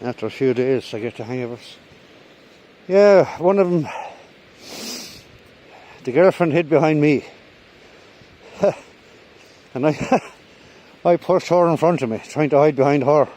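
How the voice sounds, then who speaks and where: A man's voice: mid-range voice, normal speed, pauses often, darkish tone, rough recording. A middle-aged man telling stories casually while walking a woodland path, a little out of breath, recorded on a chest-mounted camera. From Ireland. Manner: rambling, swears casually. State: slightly out of breath. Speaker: vlogger. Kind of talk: casual walking vlog storytelling.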